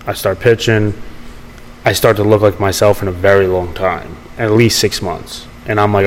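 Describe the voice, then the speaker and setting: Young male podcast guest, casual, restless restarts, slightly low voice, light background noise. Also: fairly even intonation, normal speed, poor audio. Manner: rambling, many fillers and restarts. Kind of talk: casual storytelling interview.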